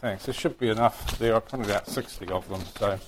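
A man's voice: lowish voice, brisk, background noise. A man with a New Zealand accent teaching a Bible class, chatting and joking with his students. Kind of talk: casual classroom lecture.

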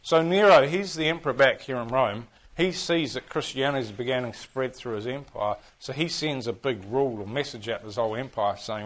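A man with a New Zealand accent teaching a class, lively and full of questions to his listeners. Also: medium pitch, brisk, few pauses. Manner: animated, keeps firing questions at the class. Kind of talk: interactive history class on church history.

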